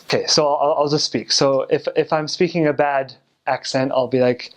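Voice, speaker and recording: A man's voice: medium pitch, fairly even intonation, normal speed. A young American man who served as a missionary, casually explaining things with many fillers and restarts. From United States. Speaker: returned missionary.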